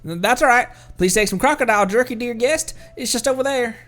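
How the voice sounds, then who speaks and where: A man's voice: extremely high pitch, fairly quick, fairly bright tone, soft background music, voice pushed up. A man voicing a polite, grim crocodile farmer in a put-on swamp drawl, stumbling over a few words. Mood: courtly.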